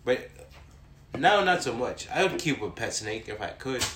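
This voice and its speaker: A man in casual, profane chat, blunt and quick to joke. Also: medium pitch, animated, a bit bright, a little hiss or hum. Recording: echoey room with faint ambience.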